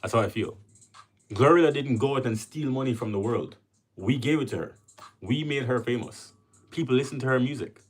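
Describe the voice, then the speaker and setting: A Jamaican man with a Jamaican accent hosts a casual livestream, chatting with viewers and reading their comments aloud. He speaks a little fast in a medium-pitched voice with a breathy edge.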